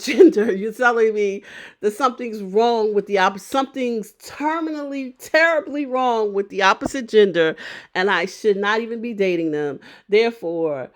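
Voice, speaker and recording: Woman vlogger, mid-pitched, rambling reflective commentary, repeats herself as she thinks. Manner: discursive, restarts and repeats phrases while thinking aloud. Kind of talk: casual opinion commentary.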